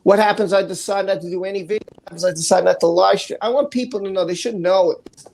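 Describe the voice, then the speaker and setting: A man's voice: high voice, fast, gravelly, darkish tone, poor audio. Candid, swearing male live-streamer. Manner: candid, profane storytelling. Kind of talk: casual live stream talk.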